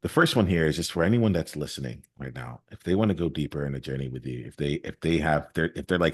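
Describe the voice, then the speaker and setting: A man's voice: rumbling low, animated, fast talker, few pauses, slightly rough, dry recording, clean studio sound. A man hosting a podcast interview in an earnest, casual way, often repeating his first words and talking straight to his listeners. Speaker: podcast host.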